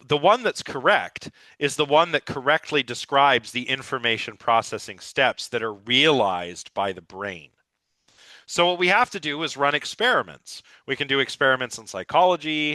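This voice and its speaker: A man's voice: medium pitch, bright, forceful tone, no echo. A man lecturing a live philosophy class with eager, rambling enthusiasm, his voice a little scratchy. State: slightly scratchy voice.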